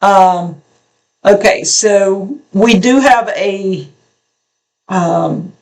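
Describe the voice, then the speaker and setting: A woman's voice: medium pitch, darkish tone. Woman homestead co-host; folksy, rambling, chatty reading viewer questions. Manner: rambling, folksy, halting with restarts. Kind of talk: casual porch chat reading viewer comments.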